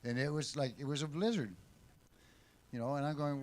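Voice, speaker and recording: A man hosts a live music night in a loose, rambling way. He sounds chatty and upbeat, and his voice sits a little high for a man. He is speaking at a live venue. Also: moderate pace, pauses often, darkish tone. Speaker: show host. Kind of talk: casual live show hosting.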